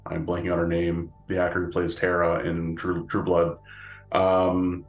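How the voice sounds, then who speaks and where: Male podcast co-host: slow, low-ish voice, rambling casual talk in a roomy-sounding space. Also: monotone, soft background music. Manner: rambling, many fillers and restarts, laughs often. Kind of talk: casual chat.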